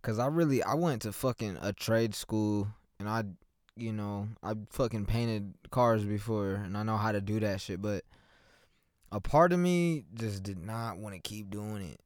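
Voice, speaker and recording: A man's voice: on the low side, measured pace, a little mellow, dry recording, clean studio sound. Rambling, profane young man. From Oklahoma, USA. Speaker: podcast host. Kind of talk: rambling solo monologue. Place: inside a parked car. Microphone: microphone with headphones.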